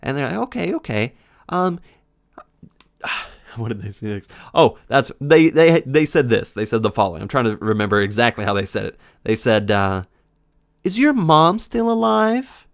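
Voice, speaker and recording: A man's voice: fairly low pitch, moderate pace, no room sound, studio quality. A man in his twenties, a game commentator telling a casual story in a sarcastic, profane way. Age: 20s.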